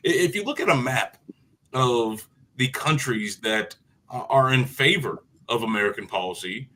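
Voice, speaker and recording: A man's voice: medium pitch, lively intonation, normal speed, pushed and bright, slight background noise, low-quality recording. A man appearing as a guest on a radio talk show, making an earnest political argument. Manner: earnest, argumentative, with frequent fillers and restarts. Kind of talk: political commentary in conversation.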